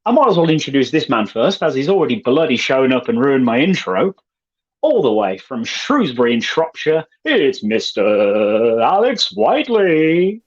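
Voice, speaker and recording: A man's voice: medium pitch, sing-song, normal speed, breathy edge. A British man co-hosting a casual podcast, introducing guests in a playful, teasing way. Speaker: co-host. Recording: dull lo-fi sound.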